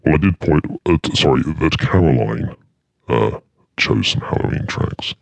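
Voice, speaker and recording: A man's voice: rumbling low, expressive, normal speed, creaky, no echo. A man hosting an internet radio show, chatting casually between tracks in a dry, rambling, self-mocking way. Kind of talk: casual radio chat and music links.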